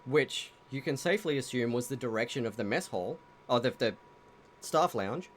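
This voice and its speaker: A man's voice: medium pitch, lively intonation, normal speed, slight background noise. A man running a tabletop game show as game master, casual and profane, building tense scenes. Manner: casual, swearing, dramatic scene-setting.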